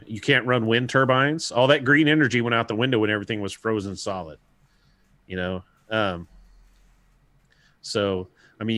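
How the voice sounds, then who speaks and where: A man co-hosting a casual podcast chat, relaxed and chuckling, often restarting his sentences. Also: fairly low pitch, dry recording. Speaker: podcast co-host.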